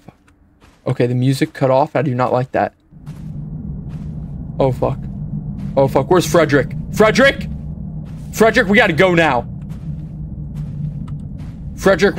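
A young man playing a horror game and reacting out loud, swearing a lot and breaking into panicky yells. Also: fairly high pitch, background noise. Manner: upbeat sign-off asking for support. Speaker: gaming YouTuber. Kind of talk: horror game let's play commentary.

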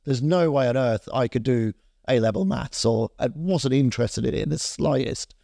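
A man's voice: medium pitch, normal speed, gravelly, dry recording, clean studio sound. A man in his fifties from Scotland, a fashion founder telling a long story as an interview guest, full of fillers and restarts. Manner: rambling, lively storyteller with many fillers and restarts.

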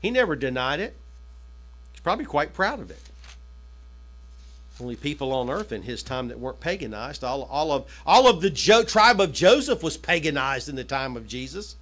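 A man preaching to his congregation with a high, bright voice. He talks in a chatty way, climbing to loud, emphatic points and then dropping low for side remarks. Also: sing-song, normal speed. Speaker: pastor. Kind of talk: sermon. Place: church hall.

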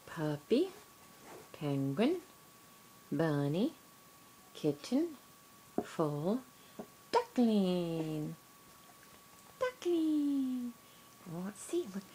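A woman reading a picture book aloud to a toddler, in sing-song baby talk with gasps and soft whispers. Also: deep voice, very animated, drawn-out words, long pauses, slight background noise, low-quality recording.

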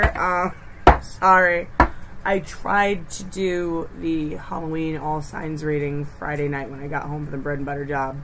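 A woman with a fairly low voice talks through a casual tarot reading and muses aloud as she sets out her decks. Noise from the cards she shuffles and shifts around is clearly heard behind her. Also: flat delivery, unhurried. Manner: chatty, loose, with asides and muttering while handling cards. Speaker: tarot reader.

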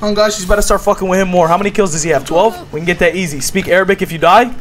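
A man streaming a game, talking to his chat in an excitable, swearing, self-mocking way. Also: high voice, racing, crowd noise. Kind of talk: casual gaming commentary to chat.

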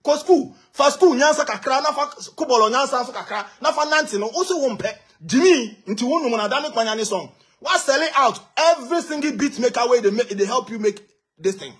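A Ghanaian man rants in a husky, strikingly high voice, taunting his target in pidgin. He flares into shouts in bursts before dropping back to scornful muttering. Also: lively intonation, fairly quick. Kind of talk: heated rant.

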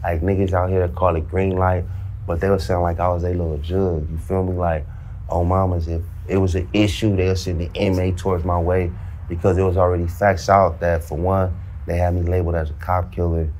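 A man with a fairly low voice tells his story in loose, slang-heavy talk. He acts out the back-and-forth himself, with lively energy. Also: a little fast, slight background noise. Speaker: storyteller recounting prison life. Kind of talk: casual storytelling in a played interview clip.

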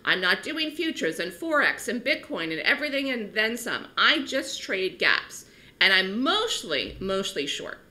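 A middle-aged woman talks straight to the viewer about trading, her voice bright and forward. Her pitch swings widely as she leans hard on key points. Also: a little slow, poor audio. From New York City. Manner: animated, emphatic, rising pitch on key points. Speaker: stock trading educator. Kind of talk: direct-to-camera market talk.

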